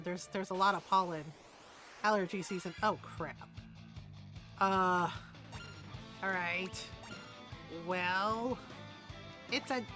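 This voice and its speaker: A woman streaming a video game, chatting casually with viewers, laughing often and retelling stories with animated energy. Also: mid-range voice. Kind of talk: casual gameplay stream chat.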